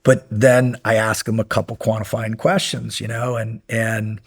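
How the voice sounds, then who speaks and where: Male guest, husky tone, animated casual storyteller. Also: fairly low pitch, moderate pace. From United States. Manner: animated, acts out quoted dialogue, many restarts. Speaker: podcast guest, former Navy SEAL.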